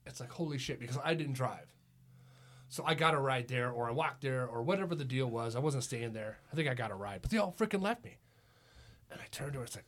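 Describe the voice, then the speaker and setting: At a fairly quick clip and medium pitch, a middle-aged man hosting a podcast spins a rambling, laugh-filled story peppered with "it's like." The chat is casual storytelling.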